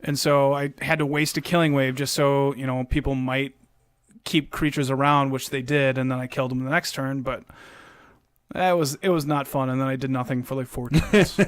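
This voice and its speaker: A man's voice: medium pitch, fairly even intonation, normal speed, dry recording, clean studio sound. A man co-hosting a podcast, talking casually and walking through game plays step by step. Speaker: podcast co-host. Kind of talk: casual chat.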